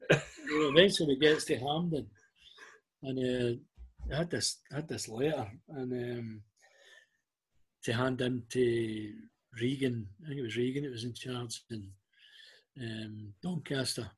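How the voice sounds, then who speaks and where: Middle-aged scottish guy telling a story, super smooth clear voice, mid pitch, acts out the quotes. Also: measured pace, long pauses. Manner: animated anecdotes, acting out quoted voices. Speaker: guest. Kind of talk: casual storytelling.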